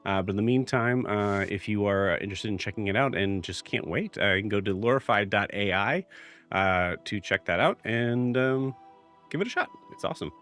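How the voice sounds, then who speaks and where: A man's voice: fairly low pitch, animated, brisk, fairly bright tone, faint music behind. A man hosting a live tabletop game stream, giving rambling announcements full of filler words before the session. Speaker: game master and show host.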